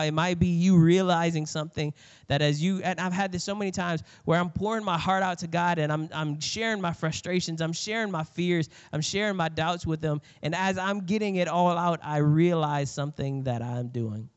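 A man's voice: a little high, moderate pace, smooth. A male pastor preaching a sermon in an earnest, conversational way. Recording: reverberant hall, slightly dull sound.

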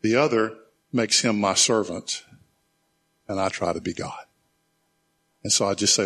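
A man leading a church small group, teaching in a conversational way, reading scripture slowly and reflectively, and inviting questions. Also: lowish voice, fairly bright tone.

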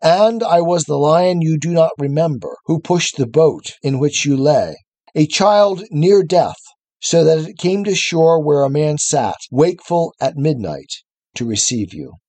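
A man voicing a vast lion with a deep, low voice, calm and commanding, in a read-aloud story. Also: measured pace, no room sound. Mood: solemn.

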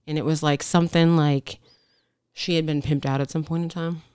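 A woman police officer telling stories in casual podcast chat, animated, acting out quotes and swearing freely. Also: deep voice, normal speed, clean tone, no echo, studio quality.

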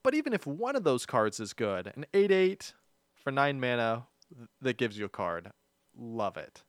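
Man, mid voice, very expressive pitch, dry close sound, chatty co-host. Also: dry recording. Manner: lively, chatty, quick reactions. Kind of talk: casual podcast discussion.

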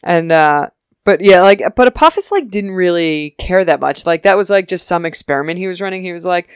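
Low-voiced woman, animated podcast chat. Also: clean tone, no room sound, clean studio sound. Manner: animated, acts out characters in quick voices, laughs often. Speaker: podcast co-host recapping a TV episode. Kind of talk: casual chat.

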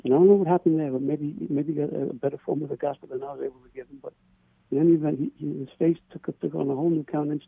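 A man calls in to a radio show and tells his story earnestly, stumbling and repeating words as he goes. His voice is gravelly and a little husky, and the sound is thin and tinny like a phone line. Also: on the high side, fairly even intonation, very fast, no echo. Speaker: caller. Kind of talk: telling a personal story.

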